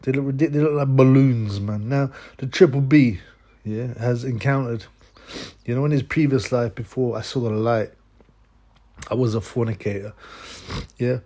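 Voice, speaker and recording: A man's voice: medium pitch, fairly even intonation, normal speed, dark tone. A man hosting his own channel, delivering a crude, scornful ranting monologue and tagging his sentences with "man" and "yeah?". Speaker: channel host.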